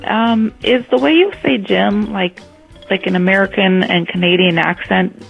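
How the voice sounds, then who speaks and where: A man's voice: sits high, normal speed, vocal fry, highs cut off, faint music behind. A man leaving a voicemail, polite and hesitant with many fillers.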